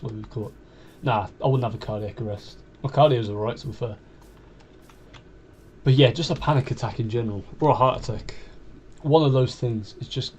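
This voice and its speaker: A man's voice: medium pitch, a little mellow, a little hiss or hum. A young man with a West Midlands accent talking in a casual, confessional monologue, rambling and hesitant, often restarting his sentences. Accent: West Midlands English. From Wolverhampton, England. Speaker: YouTuber.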